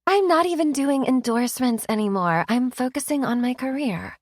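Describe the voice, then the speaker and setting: A woman's voice: sits high, expressive, moderate pace, darkish tone, dry recording, studio quality, pitched above the performer's own voice. A woman voicing a giddy, tipsy young woman with a playful, exclamatory manner in an audiobook.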